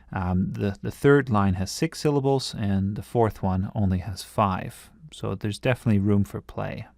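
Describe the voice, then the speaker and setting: A man's voice: mid-range voice, vocal fry, darkish tone, no echo, studio quality. A man teaching a writing lesson, explaining patiently and breaking off now and then to restart a thought.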